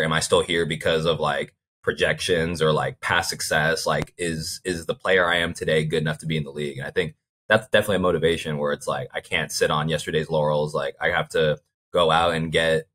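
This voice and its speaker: A man's voice: very deep voice, a bit bright, a little hiss or hum. A young man as an interview guest, talking in a laid-back way, full of fillers and "like". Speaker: guest athlete. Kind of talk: casual interview chat.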